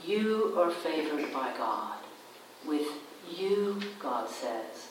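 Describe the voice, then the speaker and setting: A woman pastor preaches a baptism sermon very slowly, dwelling on each phrase and lifting her voice for emphasis. She is picked up from a distance in a church. The sanctuary adds a strong echo and a faint room hum. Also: deep voice, very animated. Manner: slow, deliberate preaching with repeated phrases and emphatic rises. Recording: echoey church from a distant mic.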